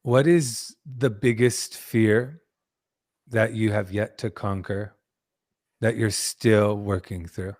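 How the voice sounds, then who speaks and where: A male podcast host speaking slowly and earnestly, effusive and reflective in a casual spiritual conversation. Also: on the low side, fairly even intonation, darkish tone.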